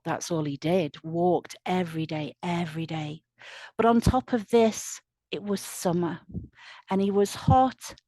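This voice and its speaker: A woman storyteller narrating a folk tale in a slow, soothing, lilting way. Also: lowish voice, dry recording. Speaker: storyteller at a community event. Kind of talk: oral storytelling.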